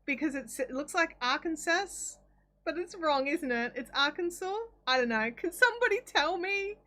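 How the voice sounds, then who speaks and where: A woman's voice: high voice, animated, moderate pace, bright, forceful tone. An Australian woman hosting a live craft stream from her home desk, chatting casually, reading viewer comments aloud and rambling with ums and restarts. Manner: chatty and rambling, with frequent ums and self-corrections.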